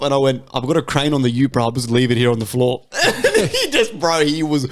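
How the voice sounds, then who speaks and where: A man's voice: mid-range voice, very animated, quick pace, hardly any pauses. A man on a podcast panel, telling a story in casual chat, swearing and laughing often.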